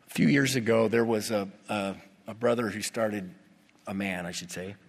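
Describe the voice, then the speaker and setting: A male pastor preaching a sermon, animated and putting rhetorical questions to his congregation. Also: lowish voice, normal speed. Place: church. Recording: long reverb of a church hall.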